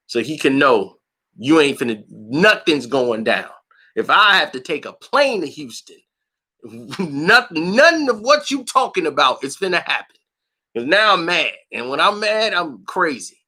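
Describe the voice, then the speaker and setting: A man's voice: on the high side, measured pace. A man hosting a boxing channel, telling a story in a blunt, slangy, combative way and acting out other people's lines in a raised voice. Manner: animated, acts out quotes in a raised voice. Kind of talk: casual storytelling monologue.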